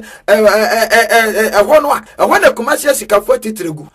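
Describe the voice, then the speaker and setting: A man with a Ghanaian accent preaching a sermon in a sing-song cadence with sudden shouts. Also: high-pitched, expressive, fast, breathy edge, faint music behind.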